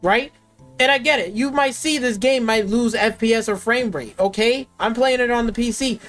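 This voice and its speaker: A woman's voice: a little high, normal speed, soft background music. A woman streamer ranting with angry, sarcastic, profane commentary at her gaming PC. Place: at a desktop gaming PC.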